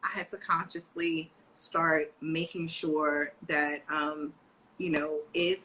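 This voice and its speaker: A deep-voiced woman speaks slowly as co-host of a live parenting video chat, where she works as a parent educator. Casual and animated, she acts out voices from home, including her daughter's. The recording is rough, with slight background noise.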